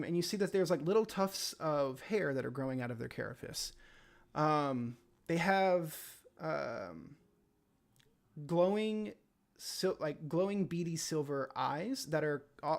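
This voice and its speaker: Slow rambling game master man. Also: on the high side, vocal fry, a little mellow. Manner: rambling descriptive narration full of fillers. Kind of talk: narrating a tabletop game. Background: faint music.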